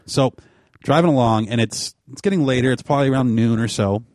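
A man telling a long, rambling story in casual chat, animated and full of fillers. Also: mid-range voice, quick pace, no echo, studio quality.

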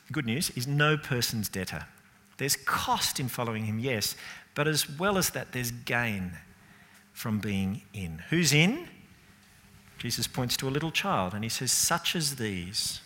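A man preaching a sermon, asking the room rhetorical questions and swinging between loud and soft. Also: mid-range voice, long reverb tail.

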